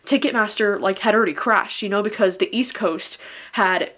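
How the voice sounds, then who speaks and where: A woman's voice: mid-range voice, normal speed, a bit bright. A young woman talking casually to camera as a vlogger, chatty, swearing freely and saying "like" constantly. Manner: chatty, swears a lot, many filler "likes".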